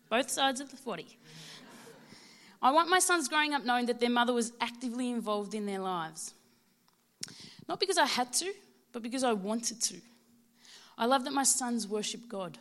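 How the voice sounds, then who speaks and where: A woman's voice: a little high, a bit bright. Heartfelt Australian woman in her thirties. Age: 30s. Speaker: mother giving a church testimony. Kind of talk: prepared personal testimony speech.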